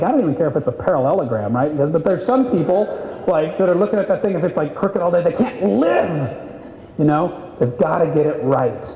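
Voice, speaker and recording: A man coaching salespeople at a live seminar, animated and acting out client voices. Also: a little high. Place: seminar room. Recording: echoey hall, voice from a distance.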